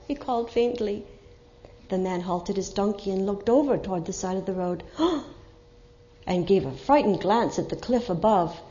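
Expressive woman reading a story, lo-fi. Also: mid-range voice, normal speed. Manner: expressive, dramatic. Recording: muffled lo-fi recording.

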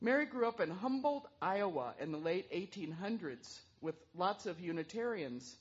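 A woman telling a story aloud in an animated way, throwing in sound effects. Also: on the low side, moderate pace, breathy edge, dull audio. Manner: lively, with vocal sound effects.

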